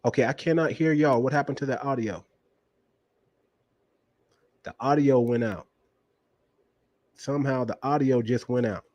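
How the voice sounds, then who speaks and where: A man's voice: medium pitch, fairly even intonation, unhurried, pauses often, a little mellow, lo-fi sound. A man hosting a casual livestream interview who keeps speaking straight to his viewers and checking the stream.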